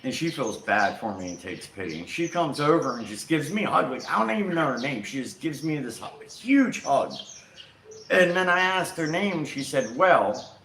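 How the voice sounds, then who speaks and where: A man casually telling a personal travel story, rambling and animated with frequent self-corrections. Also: a little high, moderate pace, slight background noise. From United States. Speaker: vlog host. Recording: roomy echo with faint outdoor ambience and birds.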